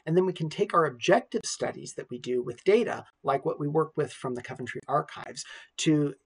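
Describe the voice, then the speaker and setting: A man who is a university lecturer, explaining in a measured recorded lecture. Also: a little high, expressive, slightly rough.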